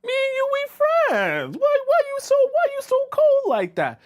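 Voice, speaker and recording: A man's voice: wildly swooping pitch, normal speed, heavily acted. A man putting on a whiny, pleading young guy. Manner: whiny, high-pitched, gasping pleas.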